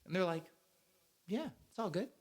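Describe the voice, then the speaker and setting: A man's voice: sits high, expressive, normal speed. Laughing man telling a rambling story. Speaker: server sharing work stories. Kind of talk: casual storytelling chat.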